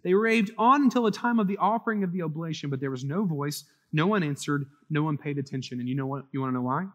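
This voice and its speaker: Dramatic high-voiced male preacher in a hall. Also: animated, fast talker. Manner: dramatic, swings from loud to hushed. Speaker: pastor. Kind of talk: sermon reading and explaining scripture.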